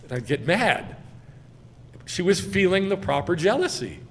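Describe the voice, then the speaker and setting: A rabbi delivers a slow, deliberate sermon in a somewhat high voice, pressing hard on his key words. His voice carries a long hall reverb, with a faint hiss underneath. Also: sing-song. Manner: emphatic, swelling loud on key phrases. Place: congregation sanctuary.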